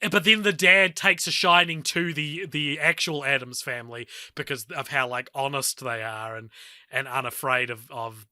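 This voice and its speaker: A man's voice: medium pitch, moderate pace, clean tone, no echo, studio quality. A man co-hosting a film podcast, talking in a casual, rambling way with lots of "like". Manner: animated, rambling, heavy use of "like". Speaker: podcast co-host. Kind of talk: casual film-review chat.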